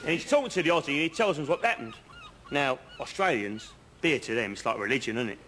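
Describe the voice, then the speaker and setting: An actor playing a working-class house painter who spins long pointless anecdotes in an earnest, chatty way, outdoors. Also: male voice, medium pitch, expressive, fast, bright, forceful tone, a little hiss or hum. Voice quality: chatty, earnest storyteller, leading asides. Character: rambling working-class male painter spinning pointless yarns. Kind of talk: comedy sketch acting. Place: outdoors on a bridge.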